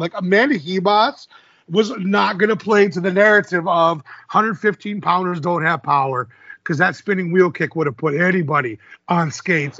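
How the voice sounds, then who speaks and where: High-ish guy rattling off fight results, laughs a lot, dry muffled recording. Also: fairly bright tone, no room sound. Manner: chatty, laughs often, filler-heavy. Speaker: podcast co-host. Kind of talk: casual fight-results recap.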